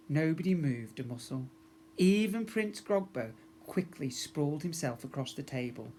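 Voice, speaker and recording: A man, a school teacher, reading a children's storybook aloud to young pupils in a friendly, expressive way, acting out sound effects. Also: mid-range voice, normal speed.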